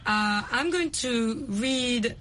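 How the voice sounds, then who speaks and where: A woman hosting a language program, speaking slowly and carefully and switching between two languages as she explains. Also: fairly high pitch, lively intonation, fairly bright tone. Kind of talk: bilingual teaching chat.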